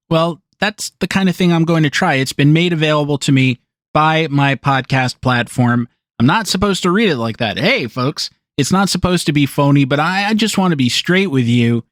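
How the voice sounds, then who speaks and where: A man from the United States carries a solo podcast with dry, sarcastic asides. His voice sits a little on the high side. The sound is close and dry, with no room echo. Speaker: podcast host.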